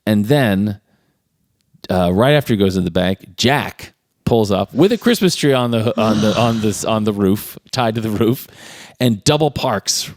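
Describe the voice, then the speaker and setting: A man's voice: fairly low pitch, animated, moderate pace, a little mellow, no room sound, clean studio sound. A man casually recapping a movie plot, acting out characters' lines in raised voices. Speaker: podcast co-host.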